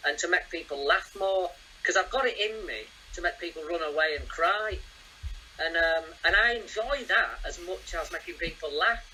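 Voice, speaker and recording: A man, a guest telling rambling, animated stories in a casual chat. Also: sits high, moderate pace, slight background noise, poor audio. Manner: animated, rambling storyteller who acts out voices.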